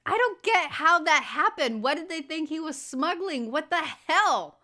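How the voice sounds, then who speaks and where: A woman's voice: high-pitched, lively intonation, unhurried, bright, forceful tone. A woman hosting a reaction video, talking casually and firing off incredulous questions. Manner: exclaiming, full of incredulous questions.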